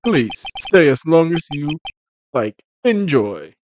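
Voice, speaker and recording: A man voicing a polite, formal male hotel bellboy who talks in halting, over-courteous phrases. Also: mid-range voice, lively intonation, lightly acted. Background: video game music.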